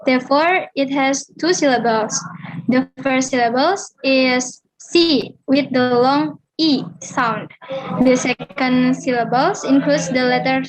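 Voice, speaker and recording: A young woman reads a phonetics lesson aloud in English, with a high voice and a slow pace. She moves carefully through each point, correcting herself and restarting as she goes. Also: poor audio. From Indonesia. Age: young adult. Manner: halting, careful reading with restarts. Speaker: student presenter.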